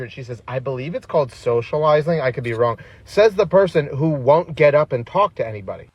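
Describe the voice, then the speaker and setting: A man's voice: mid-range voice, no room sound, highs cut off. A man giving sarcastic reaction commentary, reading out comments and mocking them. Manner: sarcastic, reads comments aloud.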